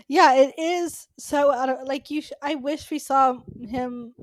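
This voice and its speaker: Female co-host, high-pitched, dry close sound, lively and exasperated in casual chat. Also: measured pace, hardly any pauses, dry recording. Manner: animated, laughs often, exasperated rants. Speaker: podcast co-host.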